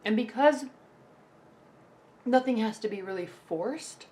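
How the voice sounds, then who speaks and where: Slow, mellow and expressive, a fairly high-pitched woman's voice delivers a casual tarot forecast to camera. She keeps things loose and comforting, often starting over and tagging lines with "okay?" and "right?".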